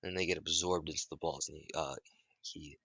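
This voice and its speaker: A man's voice: rumbling low, steady tone, a little fast, pushed and bright, dry recording. A man casually retelling a made-up story, rambling with restarts and the odd curse.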